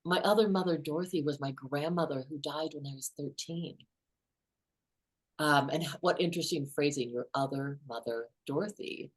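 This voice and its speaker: A middle-aged woman author, a guest in an interview, telling personal stories in an animated way and acting out the quotes. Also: low-pitched, moderate pace, slightly rough. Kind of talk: conversational interview storytelling.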